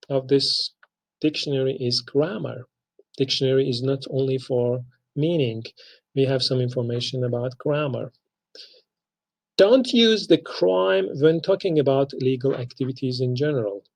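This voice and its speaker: Slow, gravelly male teacher. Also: medium pitch, a little mellow, low-quality recording. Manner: slow, deliberate, spells out pronunciations. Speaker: English language instructor. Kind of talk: recorded lecture.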